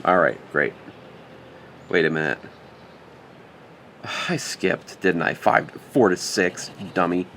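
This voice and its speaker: A math instructor works through a problem aloud as he writes in a recorded lecture, tossing in jokes and muttering self-corrections. His low voice is gravelly, expressive and a bit bright, moving slowly with frequent pauses. There's a little hiss or hum.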